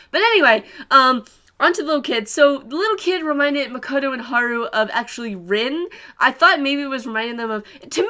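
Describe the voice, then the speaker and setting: Giggly, rambling young woman, bright voice. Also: a little high. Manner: giggly, rambling, many fillers and laughs. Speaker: anime reviewer. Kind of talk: casual spoiler review.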